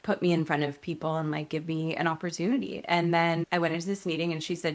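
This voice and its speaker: A woman's voice: deep voice, fast, hardly any pauses. A woman in her thirties, a guest actress, telling a story casually in an interview and acting out the voices of the people in it. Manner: animated storyteller, acts out quoted voices.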